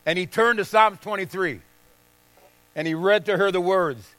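An older male pastor preaches with an emphatic delivery, hammering key phrases again and again. His voice is high and bright, and the sound is dry and close. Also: moderate pace, pauses often, no room sound. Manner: emphatic, repeats phrases for stress. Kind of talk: sermon.

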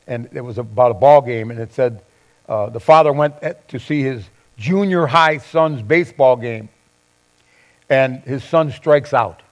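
A middle-aged man preaching a sermon, swinging from loud bursts to soft asides. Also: mid-range voice. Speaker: pastor.

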